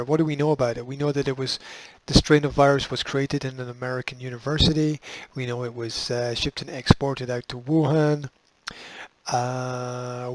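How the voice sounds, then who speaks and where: A man's voice: mid-range voice, no echo, poor audio. A man hosting a show, reading news items aloud and breaking off with sarcastic, dismissive asides. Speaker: host.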